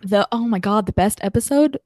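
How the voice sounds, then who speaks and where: A young woman co-hosting a podcast in casual chat, animated and emotional, laughing often. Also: medium pitch, brisk, no room sound, clean studio sound. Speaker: podcast co-host.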